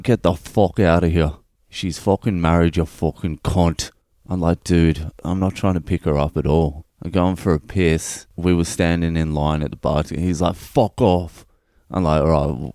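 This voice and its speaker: A man's voice: sits low, darkish tone, clear, resonant tone, no room sound, studio quality. A man, a comedian hosting his own podcast, telling a profane comic story in a blunt, loose, conversational way. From Australia.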